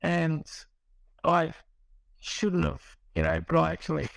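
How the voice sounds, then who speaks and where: A middle-aged man tells his story in a loose, rambling way, stopping to restart and acting out the back-and-forth of old conversations. His voice sits a little high and has a gravelly, creaky edge. The recording is dry, with no room sound. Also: very animated, slow, no room sound, low-quality recording. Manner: rambling, restarts, acts out quoted dialogue. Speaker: guest sharing recovery story. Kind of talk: casual storytelling.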